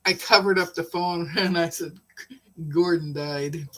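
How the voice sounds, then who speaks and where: A woman's voice: lowish voice, little pitch movement, moderate pace, sharp tone, rough recording. A woman hosting a casual live stream, chatting and telling a personal story, laughing often. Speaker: livestream host.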